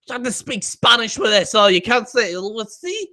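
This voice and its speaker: A man with a high-pitched voice hosts a live stream, ranting in exasperated disbelief. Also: sing-song, normal speed, hardly any pauses, sharp tone. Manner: exasperated and incredulous.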